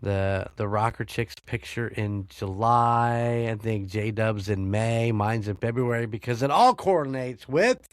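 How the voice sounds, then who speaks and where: A man's voice: mid-range voice, measured pace, hardly any pauses, smooth, dry recording, studio quality. An American man hosting a podcast, chatting casually, swearing freely and laughing often. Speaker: podcast host. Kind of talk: casual chat.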